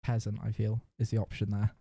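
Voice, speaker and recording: A man's voice: fairly low pitch, monotone, a little fast, creaky, dark tone, slightly rough, dry recording, studio quality. A man hosting a casual podcast who reads a generated adventure story aloud, laughing and swearing freely as he goes. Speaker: podcast host.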